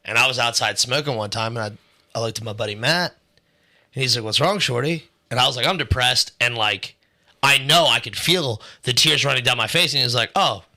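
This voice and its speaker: A man with a very bright, sharp voice rambles through personal stories on a casual podcast. He uses lots of fillers and swears freely. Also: medium pitch, fairly quick. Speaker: podcast co-host.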